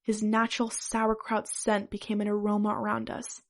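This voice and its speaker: A woman's voice: mid-range voice, monotone, moderate pace. Woman podcast host narrating a comic story read-aloud. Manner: breaks up laughing.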